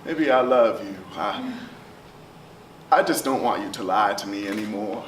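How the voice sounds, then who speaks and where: Male spoken word poet, rhythmic and chanting, from loud to hushed; roomy, far-off recording with background noise. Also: lowish voice, a little slow. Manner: rhythmic, chanting delivery swinging from loud calls to near whispers. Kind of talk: spoken word poetry performance. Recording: roomy echo, distant mic, steady ambient noise.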